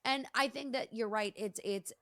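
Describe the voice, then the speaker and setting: A woman hosting a podcast interview, effusive and excitable, with many quick affirmations. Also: on the high side, no echo, clean studio sound. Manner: effusive, frequent backchannels, excitable. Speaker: podcast host. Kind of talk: casual interview chat.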